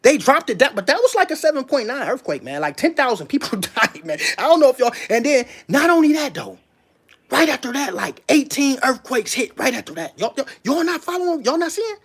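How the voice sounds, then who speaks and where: A commentator talking straight to viewers in a casual monologue, emphatic and full of rhetorical questions, stopping to read passages aloud slowly before commenting on them. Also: high-pitched, sing-song, slightly rough. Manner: emphatic, keeps firing rhetorical questions at listeners. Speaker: online commentator.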